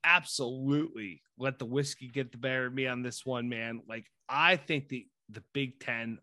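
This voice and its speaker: A man co-hosting a casual sports podcast, animated and profane, jumping from mumbled asides to loud excited pitches. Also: moderate pace, no echo, studio quality. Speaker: podcast co-host.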